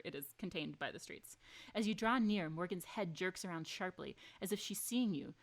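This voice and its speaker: Streaming a story game, a woman with a lowish voice reads its lines aloud and chats with her viewers. She's excitable, gasping, laughing and swearing between the lines she reads.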